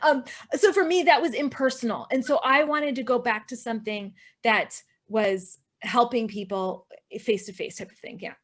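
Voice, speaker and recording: A high-pitched woman talking as a podcast guest. She is earnest and emotional, full of restarts and little asides. She turns to the listeners now and then in an animated, chatty way. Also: moderate pace, few pauses. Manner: animated, addresses listeners directly. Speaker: podcast guest, online entrepreneur. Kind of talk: casual interview chat.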